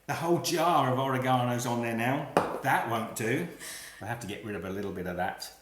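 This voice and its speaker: A man's voice: medium pitch, fairly quick, fairly bright tone, reverberant, slight background noise. A man hosting a live cooking stream, chatting as he works and laughing at his own slip-ups, filmed on a phone on a small tripod. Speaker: cooking livestream host.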